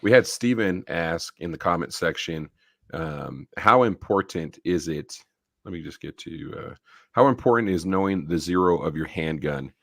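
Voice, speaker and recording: A man with a very low, deep voice hosts a casual podcast interview, recorded dry and close. He rambles through his questions and restarts them as he goes. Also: animated, normal speed, creaky, dry recording. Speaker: podcast host.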